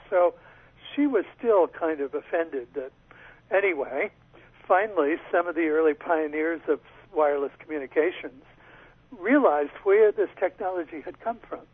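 Husky man on a tinny phone line. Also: on the high side, moderate pace. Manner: thoughtful storytelling, occasional laughs and restarts. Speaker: author guest. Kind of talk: radio interview over the phone. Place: home in Northern California.

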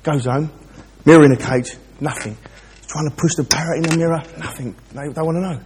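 Preacher in a reverberant church. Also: male voice, fairly high pitch, a little fast, a little mellow, a little hiss or hum. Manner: chatty and direct, addresses listeners. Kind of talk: informal sermon with a joke.

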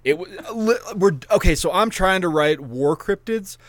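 A man's voice: high voice, animated, normal speed, fairly bright tone, no echo. A man co-hosting a podcast, telling rambling, profane stories over drinks. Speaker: podcast co-host. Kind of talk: casual chat.

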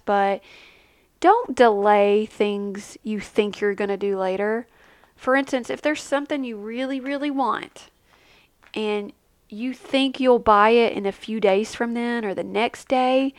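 Chatty mom vlogger, dry close sound. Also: female voice, no room sound. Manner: chatty, animated, acts out quotes with big pitch jumps. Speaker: family travel vlogger, mother. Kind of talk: casual vlog chat with tips.

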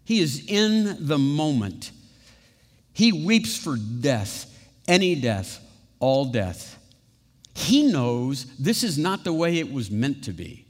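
A male pastor giving a sermon with conversational asides and rhetorical questions, building to emphatic peaks and dropping to hushed, slow passages. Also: a little high, sing-song. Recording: long reverb of a large hall.

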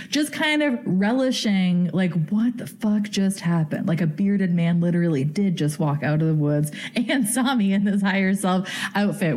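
A woman's voice: mid-range voice, darkish tone. A woman hosting a podcast, telling a story in a giddy, chatty way full of fillers. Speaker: podcast host.

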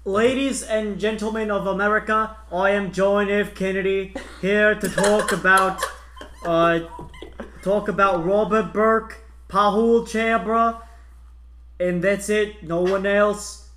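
A man attempting a halting presidential speech impression. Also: high voice, fairly even intonation, a bit bright, a little hiss or hum. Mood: mock solemn. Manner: halting, hesitant, falls back into own voice. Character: clumsy impression of a 1960s US president giving a speech.

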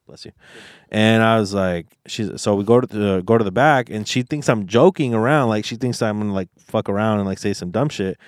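A man's voice: fairly low pitch, moderate pace, clean tone, no echo, studio quality. A young man hosting a casual podcast, retelling a story in a rambling way with lots of fillers and swearing. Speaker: podcast host.

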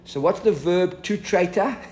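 Male Talmud teacher, high voice, explains the text and quizzes the class, echoey room sound. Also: lively intonation, unhurried, darkish tone. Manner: explanatory, asks the class questions.

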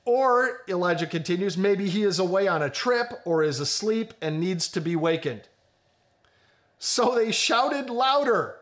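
Male pastor, high voice, animated sermon delivery with humor. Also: a little slow. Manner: animated, joking, addresses congregation directly.

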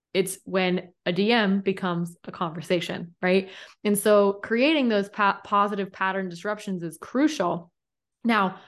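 Confident woman coach giving advice. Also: medium pitch. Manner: confident teaching tone, frequent rhetorical 'right?'. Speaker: business coach, guest. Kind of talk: podcast interview, advice.

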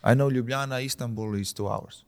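A man in his thirties from Slovenia, speaking English with a Slovenian accent as a podcast guest, talking in a relaxed way and often repeating words as he searches for them. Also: mid-range voice, brisk. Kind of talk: casual conversation.

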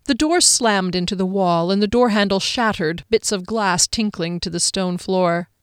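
A woman narrating a fantasy novel aloud with an expressive, dramatic reading. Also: medium pitch, moderate pace, smooth, no room sound, studio quality. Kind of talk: audiobook narration.

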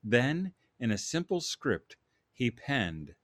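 A man hosting a podcast, chatting in a relaxed, hesitant way and then reading a story aloud to families. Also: lowish voice, moderate pace. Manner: relaxed, hesitant, with many fillers. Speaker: podcast host.

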